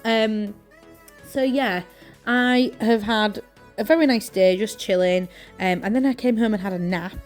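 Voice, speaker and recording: A woman's voice: medium pitch, darkish tone. A young woman from East Yorkshire with an East Yorkshire accent, chatting casually to camera at home while crafting, rambling with lots of fillers. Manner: chatty and rambling, many fillers and self-corrections. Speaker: journaling vlogger.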